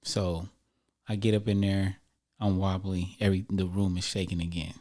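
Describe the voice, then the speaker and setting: A man casually telling a personal story to his viewers in a relaxed, slangy, conversational way. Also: low-pitched, moderate pace.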